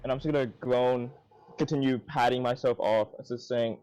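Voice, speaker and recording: A man's voice: mid-range voice, steady tone, normal speed, darkish tone, clean tone, rough recording. A man playing a tabletop game, laid-back and jokey. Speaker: player. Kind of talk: casual tabletop play.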